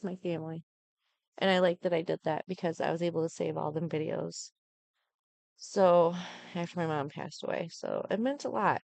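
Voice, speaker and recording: A woman's voice: on the low side, gravelly, darkish tone, no echo. A middle-aged woman hosting a live stream, chatting casually and rambling with lots of fillers.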